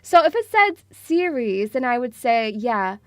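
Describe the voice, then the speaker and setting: A woman's voice: a little high, big pitch swings, measured pace, no room sound. A woman streaming casually to her viewers, chatty and self-mocking, swearing freely and laughing often as she talks through a quiz. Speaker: VTuber streamer. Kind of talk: casual live-stream chat.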